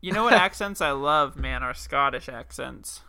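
A man's voice: medium pitch, lively intonation, moderate pace, pushed and bright. A young man co-hosting a podcast, bantering and joking casually. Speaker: podcast co-host. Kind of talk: casual chat.

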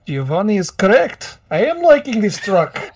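A man voicing a gruff soldier in a tabletop game, speaking in clipped broken English and dropping his articles. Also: high-pitched, wildly swooping pitch, moderate pace, a little mellow, recorded from a distance, heavily acted. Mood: deadpan. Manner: drops articles, blunt literal phrasing. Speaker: player. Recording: dry and somewhat off-mic.

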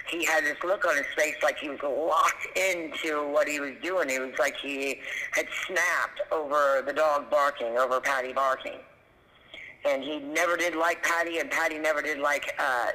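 Man caller, sharp bright tone, halting delivery, long reverberant sound. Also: fairly high pitch. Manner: halting, repeats words. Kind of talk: recounting events on a call.

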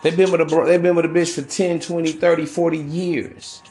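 A man's voice: fairly high pitch, flat delivery, a little fast, a little mellow, soft background music. A man hosting a podcast, giving relationship advice in a casual, profane, preachy monologue that keeps calling his listeners bro. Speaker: podcast host.

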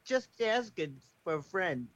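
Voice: mid-range voice, very animated, a little slow, no room sound, dull audio. A podcast guest asking joking, curious questions in casual chat.

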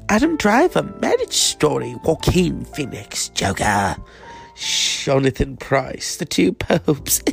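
A man's voice: a little high, gravelly. A man hosting his own podcast, talking casually in a rambling, jokey, self-mocking way. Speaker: podcast host. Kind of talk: casual solo podcast monologue.

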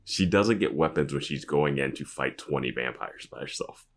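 A man with a deep voice chats on a podcast, his pitch swinging widely as he talks. He jumps in with jokey asides and comments in an easygoing way. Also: expressive, moderate pace, a little hiss or hum. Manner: jokey, chiming in with comments and laughs. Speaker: podcast co-host. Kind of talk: casual chat.

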